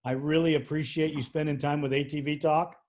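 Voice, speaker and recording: A man's voice: fairly high pitch, level tone, a little fast, darkish tone. A man hosting a podcast interview, easygoing, speaking with hesitant fillers. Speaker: podcast host. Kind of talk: interview host.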